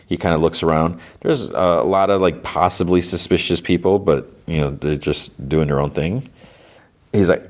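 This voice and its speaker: A man's voice: sits low, fairly even intonation, moderate pace, darkish tone. A man hosting a podcast, casually recapping a TV episode in a rambling, hesitant way full of filler words. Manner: rambling, hesitant, lots of "like" and "you know". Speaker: podcast host.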